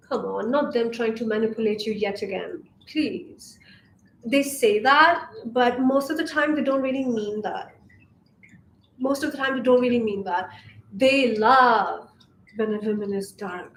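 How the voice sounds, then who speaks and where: A woman's voice: fairly high pitch, measured pace. A young woman from Asia, coaching on femininity in a casual vlog monologue, sassy and emphatic, swearing freely. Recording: roomy echo, faint background hiss.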